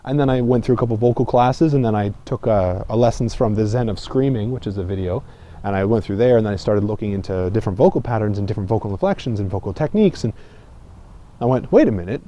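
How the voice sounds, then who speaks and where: A man giving a casual public speaking lesson, talking conversationally and often checking in with "okay?", dropping low and quiet to make a point. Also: fast. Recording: slightly dull lo-fi sound.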